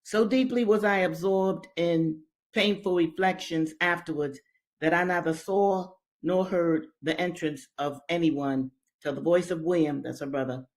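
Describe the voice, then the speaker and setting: A woman reads a slave narrative aloud, breaking off often to explain it, and she speaks straight to her listeners. Her delivery is slow and emphatic. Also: fairly low pitch. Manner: emphatic, talks directly to listeners. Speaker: reader and commentator.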